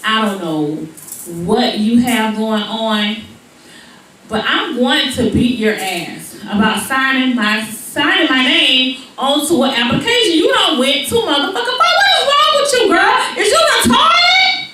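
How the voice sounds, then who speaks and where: A woman doing the voice of an angry mother scolding her daughter, loud and threatening, in an echoey venue from far off. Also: fairly high pitch, lively intonation, slow pace, a little hiss or hum, heavily acted. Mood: furious.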